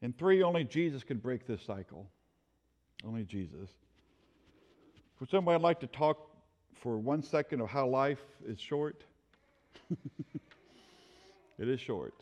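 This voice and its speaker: A man's voice: mid-range voice, unhurried, pauses often, long reverb tail. A man leading a church Bible study, telling stories and laughing often as he teaches. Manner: animated, storytelling, laughs often.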